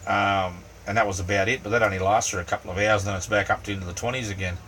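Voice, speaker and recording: A middle-aged Australian man chats fast and casually with his livestream viewers from a small camper van, rambling along with lots of ums and "mate." His pitch is fairly low, his tone steady and slightly bright. The sound comes through a distant mic with a fan humming faintly.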